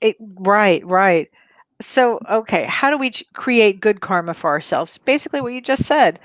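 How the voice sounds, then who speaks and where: A woman's voice: medium pitch, expressive, normal speed, dry recording. A female co-host who affirms her partner and reads out viewer questions in a casual spiritual talk show.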